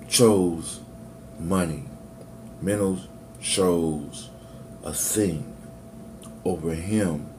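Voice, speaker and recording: Man, low gravelly voice, preachy motivational teaching, talks straight to listeners, faint background hiss. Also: darkish tone. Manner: preachy, addresses listeners as family. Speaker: spiritual teacher.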